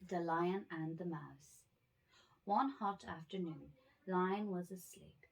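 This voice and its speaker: Woman storyteller, bedtime reading, slow unhurried delivery, lowish voice. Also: vocal fry. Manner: slow, gentle read-aloud with small slips.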